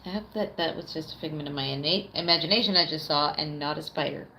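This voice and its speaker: A woman's voice: low voice, fast, sharp tone, slight background noise. Chatty, profane woman streamer. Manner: chatty, swears freely, laughs often, reads chat aloud. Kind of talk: casual live-stream chat.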